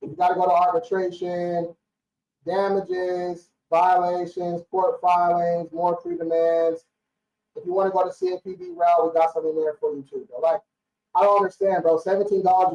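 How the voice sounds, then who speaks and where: Young guy ranting on a live stream, fired up, cussing, slangy, highish voice, kinda far off and echoey. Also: a little mellow. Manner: blunt, fired-up, slangy, swears freely. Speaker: credit repair business owner hosting a live stream. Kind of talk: casual live-stream talk. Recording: roomy, distant, dull lo-fi stream audio.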